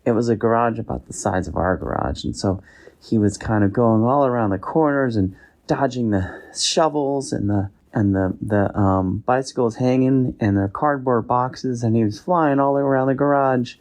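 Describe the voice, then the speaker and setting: A father telling his son an improvised bedtime story in a gentle, rambling way. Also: medium pitch, moderate pace.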